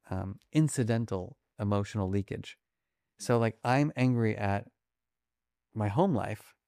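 A man being interviewed about his research, talking quickly and acting out little scenes as examples. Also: lowish voice, no echo, clean studio sound. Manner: animated, fast-talking, acts out examples. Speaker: guest, emotion researcher. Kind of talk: conversational interview.

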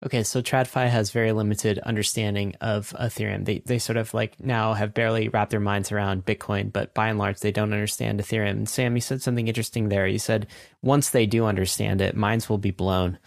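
A man's voice: lowish voice, flat delivery, fairly quick, vocal fry. A man hosting a podcast who sums up what his guest said and asks him to explain. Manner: summarizing and probing. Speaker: podcast host. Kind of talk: interview questions.

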